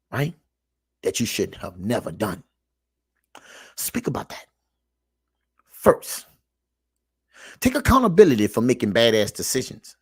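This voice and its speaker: A man lectures his audience like a street preacher, and his voice leaps all over its pitch range. Low, muttered asides give way without warning to loud, emphatic shouting. He circles back to repeat his points and keeps calling on listeners to pay attention. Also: breathy edge, dry recording, studio quality. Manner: sermon-like, repeats himself, calls out to the audience. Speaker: online show host reacting to clips. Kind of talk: preachy reaction commentary.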